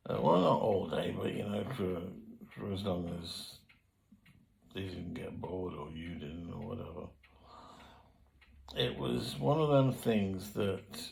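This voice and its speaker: An older man tells stories from his youth in a loose, meandering way. His voice sits low and has a gravelly rasp. He trails off and circles back in plain, everyday speech. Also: rough recording. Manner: rambling, colloquial, frequent fillers and self-corrections. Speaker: memoir storyteller. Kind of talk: casual spoken memoir.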